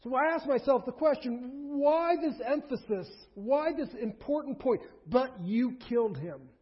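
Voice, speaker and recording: A man preaching a sermon as a pastor, emphatic and rising to forceful peaks. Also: extremely high pitch, expressive, unhurried. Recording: dull lo-fi sermon recording.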